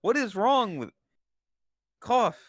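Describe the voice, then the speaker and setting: A woman's voice: on the high side, sing-song, slow pace, no echo, clean studio sound. A woman streamer hosting a casual live chat, teasing her guest in playful banter. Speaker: streamer host.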